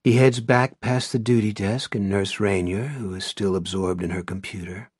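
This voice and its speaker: A man narrating an audiobook in a measured, low-key way. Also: steady tone, breathy edge, no echo, studio quality. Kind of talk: scripted narration.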